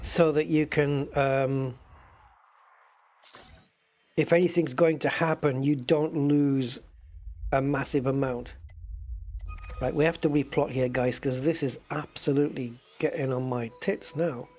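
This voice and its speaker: A man's voice: medium pitch, steady tone, a little slow, long pauses, a little mellow, faint music behind. A man chatting casually and joking with viewers while live-streaming a space game.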